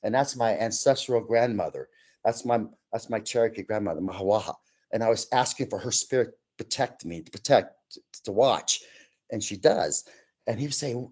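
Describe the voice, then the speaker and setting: Male guest storyteller, mid pitch, lively delivery that acts out the other people in his stories. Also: brisk. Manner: animated, acts out quoted voices. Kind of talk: telling personal paranormal stories.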